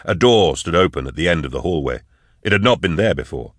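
A man giving steady, measured scripted narration of an audiobook. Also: low-pitched, no room sound, studio quality.

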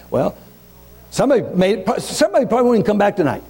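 A pastor preaching a sermon with passion, swinging from raised, urgent lines to hushed, low prayer, repeating and restarting words as he builds. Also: lively intonation, very fast.

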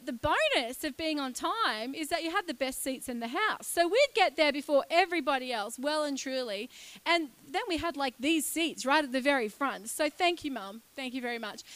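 A woman, preaching a lively, chatty sermon in a church and joking with the congregation. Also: high voice. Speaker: guest preacher.

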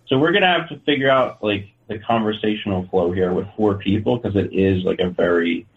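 A man's voice: fairly low pitch, a little fast, narrow, tinny audio. A man hosting a podcast in casual chat, rambling and swearing loosely. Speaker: podcast host.

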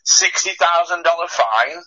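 A man with a husky voice, ranting bluntly about boxing in casual radio chat, swearing and scoffing. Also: on the high side, animated, unhurried, bright, forceful tone, dull audio. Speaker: boxing pundit.

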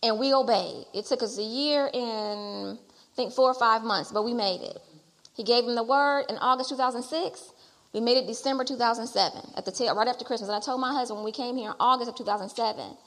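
A middle-aged woman preaching a sermon and telling her own testimony. She repeats phrases as she builds toward loud exhortation. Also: a little high, fairly quick. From Detroit area. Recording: long hall reverb.

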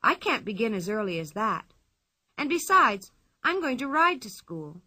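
A woman's voice: fairly high pitch, big pitch swings, normal speed, pushed and bright, dry recording, full character voice. A woman reading a storybook aloud, voicing a bold, cheeky young girl in a brash, indignant manner.

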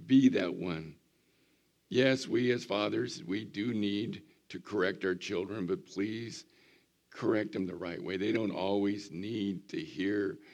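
Older pastor in his seventies, hoarse and gravelly, very low, folksy sermon delivery. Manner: folksy storytelling, animated when mimicking. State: hoarse, recovering voice after surgery.

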